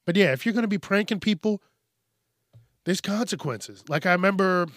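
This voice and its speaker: A man hosting a casual solo news podcast, telling stories in a profane, animated way. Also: high voice, moderate pace, dry recording, clean studio sound. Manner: profane, animated storytelling with rants. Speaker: podcast host.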